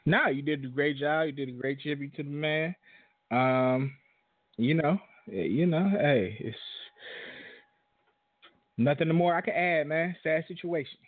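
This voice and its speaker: A man co-hosts a sports podcast in a relaxed, hesitant way. His slightly high voice sounds dry and close. It is squeezed into a narrow, phone-like band. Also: measured pace, pauses often, no room sound. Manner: laid-back, hesitant, many fillers. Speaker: podcast co-host. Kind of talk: casual sports talk.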